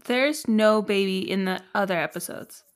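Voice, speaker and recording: A woman co-hosting a podcast, chatting casually about a TV show with quick reactive comments. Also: mid-range voice. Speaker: podcast co-host.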